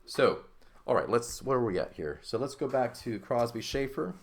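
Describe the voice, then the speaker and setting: A man's voice: medium pitch, animated, moderate pace, slight background noise. A man teaching a recorded language lesson, explaining step by step, checking in with the listener and correcting himself as he goes. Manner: explanatory, checks in with "okay" and "right"; thinks aloud, self-correcting. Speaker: Greek teacher.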